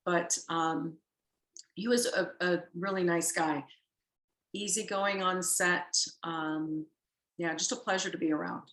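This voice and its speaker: A middle-aged woman guest chats about her career, rambling and correcting herself as she goes and laughing easily. Her voice sits a little low. The room around her is roomy and echoey. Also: steady tone, slow. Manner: warm, rambling, self-correcting storyteller who laughs easily. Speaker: actress guest. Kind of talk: casual interview chat.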